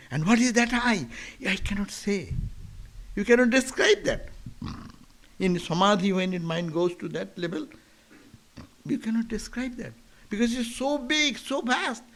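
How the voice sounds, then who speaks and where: A man, a monk, giving a philosophical sermon at a monastery, repeating words like a chant and questioning his audience. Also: high voice. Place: monastery lecture.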